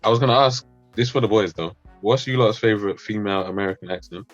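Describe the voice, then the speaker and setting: A man's voice: on the low side, quick pace, no echo, highs cut off, faint music behind. A man from New York joining a casual group chat, easygoing and joking.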